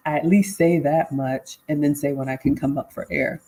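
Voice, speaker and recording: A woman's voice: sits low, steady tone, normal speed, warm tone, poor audio. A woman in her forties hosting a casual live Q&A, reading viewer comments aloud and answering them conversationally. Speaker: livestream host and life coach.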